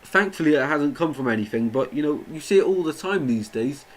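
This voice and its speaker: A man's voice: on the high side, lively intonation, a little fast, rough recording. A young man doing live football watchalong commentary, chatting with viewers and getting indignant at the play. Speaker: watchalong streamer. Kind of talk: live match commentary and chat.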